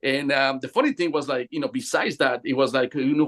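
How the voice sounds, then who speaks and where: A man's voice: mid-range voice, brisk, fairly bright tone. A man who works as a hypnotherapy practitioner, telling a session story in a rambling way with many fillers. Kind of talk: casual group talk.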